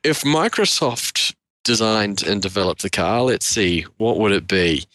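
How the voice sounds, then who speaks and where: A man's voice: fairly low pitch, very animated, a little slow, a bit bright, no room sound. A man co-hosting a casual tech podcast, joking wryly and laughing often. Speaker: podcast co-host.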